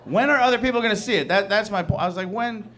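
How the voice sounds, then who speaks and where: A man in his thirties performing a stand-up comedy set, talking conversationally and acting out quick incredulous bits of dialogue. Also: sits high, a bit bright. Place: comedy club stage.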